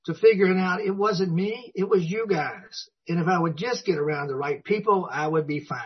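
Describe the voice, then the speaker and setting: A man with a husky voice on the high side tells his personal story to an audience at a recovery meeting, captured on a dull lo-fi recording. He's a folksy, self-mocking storyteller who chuckles often.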